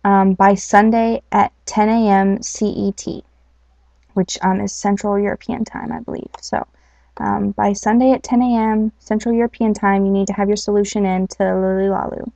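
A woman's voice: mid-range voice, little pitch movement, normal speed, gravelly, warm tone, dry recording. A woman hosting a casual podcast, chatting with lots of fillers and reading a story. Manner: chatty, many fillers, laughs easily. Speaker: podcast host. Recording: dull lo-fi home recording.

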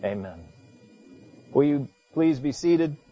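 Pastor man with a high, expressive voice. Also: moderate pace, highs cut off, soft background music. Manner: dramatic, pleading when acting out quoted lines; hushed, low-voiced in prayer. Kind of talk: sermon with scripture reading and prayer.

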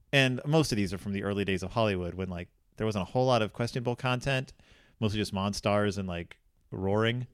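Middle-aged male co-host, chatty and rambling, lively up-and-down delivery, dry close sound. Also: mid-range voice, clear, resonant tone, no room sound. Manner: animated, rambling with many restarts. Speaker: podcast co-host. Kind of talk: casual chat.

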